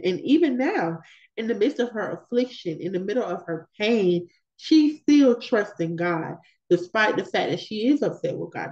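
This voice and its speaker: A woman leads a Bible study in a relaxed, conversational way and drives her points home by repeating key words. Her voice sits a little low and sounds warm and mellow. The recording is dull and lo-fi. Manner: conversational, with emphatic repetitions. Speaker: women's Bible study leader. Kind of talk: scripture reading with casual commentary.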